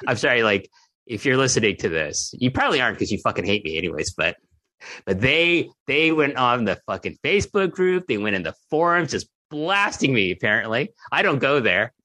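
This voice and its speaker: A man hosting a podcast in a loose, chatty way, full of false starts and snarky swearing. His voice is bright and forward. The recording is dry and close. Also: mid-range voice, very animated, a little fast, dry recording. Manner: rambling, snarky, swears freely, many restarts. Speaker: podcast host. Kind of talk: casual podcast chat.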